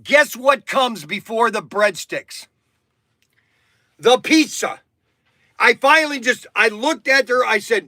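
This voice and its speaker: An older man with a strikingly high, piercing voice tells a story in an indignant, animated rant. He often raises his voice. The sound is dry and close, with no room around it. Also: normal speed, dry recording. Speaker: hobby shop owner hosting a stream. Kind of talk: ranting storytelling.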